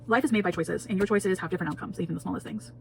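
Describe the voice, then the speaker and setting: A woman's voice: lowish voice, very fast, creaky, background noise. A woman giving a casual spoiler book talk, emphatic and full of repeated phrases and laughter. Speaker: book reviewer.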